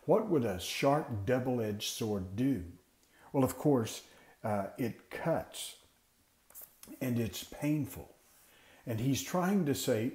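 Man, Bible teacher, mellow voice, echoey room, asks and answers his own questions. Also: medium pitch, expressive, slow pace, pauses often. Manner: explanatory, asks questions and answers them himself. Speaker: Bible teacher training class leaders. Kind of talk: teaching talk for Sunday school teachers.

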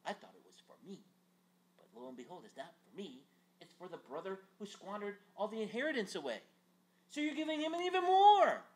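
A man's voice: a little high, sing-song, fairly quick, a bit bright, breathy edge, pitched above the performer's own voice, exaggerated voice, rough recording. A man voicing a resentful older brother who complains with indignant questions. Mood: aggrieved.

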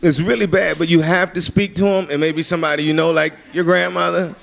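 A man performing a stand-up comedy routine on a club stage, animated and often laughing at his own jokes. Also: fairly high pitch, fairly quick, creaky. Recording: live club recording with crowd noise. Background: audience laughter and room noise.

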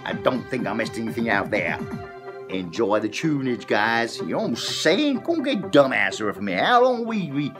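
A man's voice: mid-range voice, big pitch swings, normal speed. A man doing a rambling, profane comic rant as a vlogger, repeating a drawling catchphrase. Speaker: comedy vlogger. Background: epic background music.

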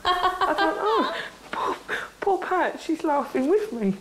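A woman's voice: extremely high pitch, expressive, slow, a bit bright, a little hiss or hum. A woman filmed as a patient's family member, anxious, tearful and laughing in shock. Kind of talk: candid documentary footage.

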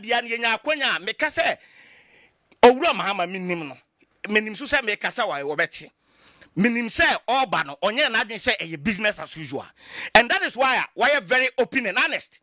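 High bright-voiced Ghanaian man. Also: dry recording, studio quality. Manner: passionate, mixing Twi and English, rhetorical questions. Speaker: political commentator. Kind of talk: animated talk show discussion.

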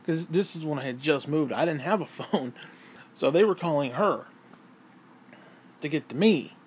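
A man's voice: on the high side, slight background noise. A man lying in bed, telling rambling, profanity-laced stories in a casual vlog and laughing at his own tales. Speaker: vlogger and self-published author.

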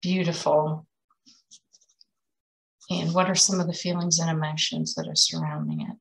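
A woman facilitating a healing session, giving gentle, guiding prompts to breathe and repeat. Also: deep voice, very animated, moderate pace, creaky, low-quality recording.

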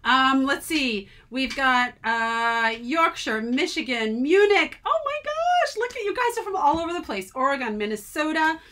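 Bright, high-voiced bubbly woman. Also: expressive, normal speed, hardly any pauses. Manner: bubbly, chatty, greeting viewers. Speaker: live stream co-host. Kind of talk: casual live chat. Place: on a boat.

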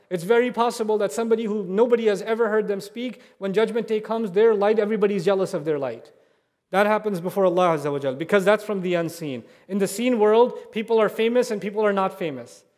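A man preaching to a congregation inside a mosque, his voice sitting high for a man. He builds earnestly through repeated phrases and rhetorical questions. The sound rings with a long hall reverb. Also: fast, a little mellow. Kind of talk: sermon.

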